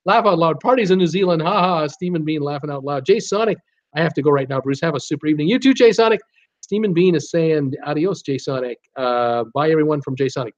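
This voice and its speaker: Animated man reading live chat. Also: fairly high pitch. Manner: animated, reads comments aloud with frequent fillers and laughs. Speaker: host of a cruise live stream. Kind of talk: casual live chat reading viewer comments. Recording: dull lo-fi stream audio.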